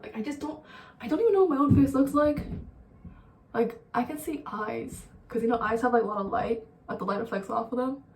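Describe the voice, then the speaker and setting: High-voiced young woman telling a rambling story. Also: a little fast, a little mellow. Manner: rambling, profane, laughing storyteller. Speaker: vlogger. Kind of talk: casual storytime. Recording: roomy sound, distant mic.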